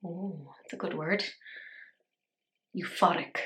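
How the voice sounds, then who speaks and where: A beauty vlogger, tired but playful, teases herself while chatting through a relaxed makeup tutorial. She speaks slowly in a fairly low, fairly bright voice.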